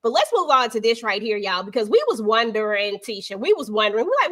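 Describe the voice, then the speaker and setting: A woman's voice: mid-range voice, fast talker. A woman hosting a live panel over a video call, chatting casually and expressively about a TV episode in slangy speech. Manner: slangy, expressive, keeps it real. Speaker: panel host.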